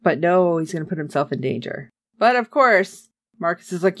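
A woman's voice: on the low side, lively intonation, moderate pace. A woman chatting casually as a podcast co-host, recapping a TV episode with sarcasm and acting out the characters' lines.

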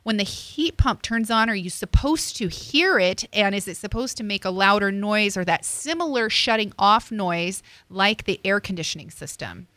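Bright chatty lady hosting radio, excitable, dry mic. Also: mid-range voice, moderate pace, hardly any pauses, dry recording. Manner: chatty, laughs easily, excitable. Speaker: radio show host. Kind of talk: casual radio chat.

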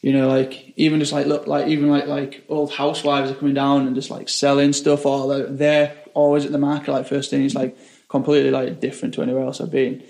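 A man's voice: mid-range voice, monotone, a little fast, creaky, darkish tone, reverberant. Young British man, rambling with constant "like"s. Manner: rambling, says 'like' constantly. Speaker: chef. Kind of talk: casual interview storytelling.

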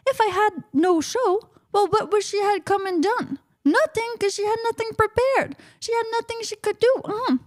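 A woman hosts her own radio show, talking through a long story and circling back to the same phrases. Her voice sits very high. The studio sound is dry and close, with no room in it. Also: lively intonation, normal speed, few pauses, dry recording. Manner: rambling, repeats herself, frequent uh-huh asides. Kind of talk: solo talk radio monologue.

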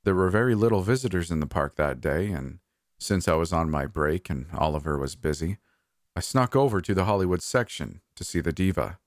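Low deep guy narrating a spooky story, calm and a bit wry, dead dry sound. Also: brisk, no room sound. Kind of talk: first-person horror story narration.

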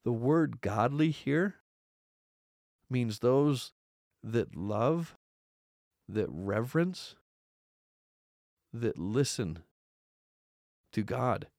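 A man's voice: mid-range voice, a little mellow, no echo, clean studio sound. A man hosting a podcast, giving an earnest religious study talk and often repeating words as he stresses points. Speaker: podcast host teaching scripture.

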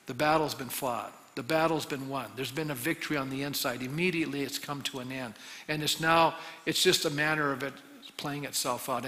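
A man's voice: on the high side, bright, forceful tone. A man preaching a sermon as pastor, earnest and pleading, his volume rising and falling. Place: church sanctuary. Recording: long reverb of a large hall.

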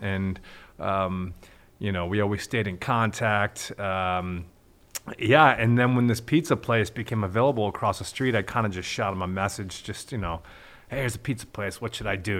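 A man's voice: lowish voice, fairly bright tone. A man, a restaurant owner, talking casually on a podcast, laid-back, with many fillers and some swearing.

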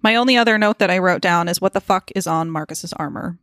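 A woman's voice: on the low side, fast, fairly bright tone, no echo, studio quality. A woman co-hosting a podcast, recapping a TV episode in casual, joking chat full of "like" and swearing. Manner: chatty and joking, lots of likes and swearing. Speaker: podcast co-host.

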